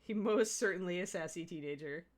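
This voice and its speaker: A woman's voice: fairly low pitch, a little fast. A middle-aged woman giving a live miniature painting demo, chatting and laughing with her viewers as she works. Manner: chatty, rambling, laughs often.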